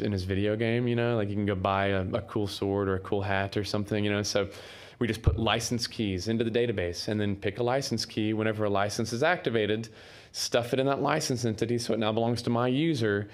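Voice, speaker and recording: A man giving a technical conference talk in a casual way, with many fillers and restarts. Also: lowish voice. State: coughing, throat irritation. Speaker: conference speaker. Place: conference room.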